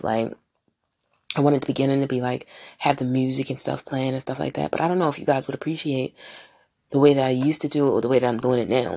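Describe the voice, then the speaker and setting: A woman talks alone on her own podcast, rambling and swearing while she mocks other people in put-on voices. Her voice sits very low and is rough with vocal fry and a husky edge. She sounds a little high. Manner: profane, rambling, animated with mocking voices. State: partially high. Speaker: podcast host. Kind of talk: casual solo podcast rant.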